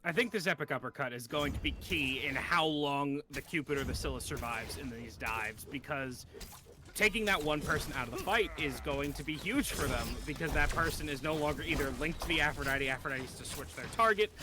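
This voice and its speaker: Male color caster, high and animated voice, analytical with bursts of hype. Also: normal speed, noisy background. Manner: analytical, rises to excited shouts on plays. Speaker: color commentator. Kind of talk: esports commentary.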